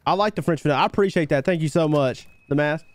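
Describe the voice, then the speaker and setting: A man's voice: a little high, quick pace, no echo. A man streaming a game live, chatting casually and thanking viewers by name. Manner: laid-back, thanks viewers by name, calls them brother. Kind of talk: casual gaming livestream chat.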